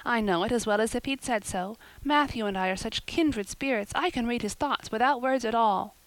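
A woman's voice: fairly high pitch, moderate pace, no echo, pitched above the performer's own voice, lightly acted, rough recording. A woman voicing a chatty, imaginative young girl in a story reading, talking eagerly in long run-on sentences. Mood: brisk. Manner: eager, run-on, wordy talk.

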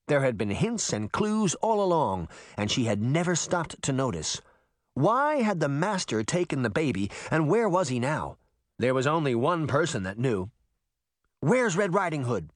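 A man narrating a storybook aloud in an expressive, storytelling manner. His pitch rises and falls in an animated way. The recording is dry and close, with no room sound. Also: dry recording. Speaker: audiobook narrator. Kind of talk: audiobook narration.

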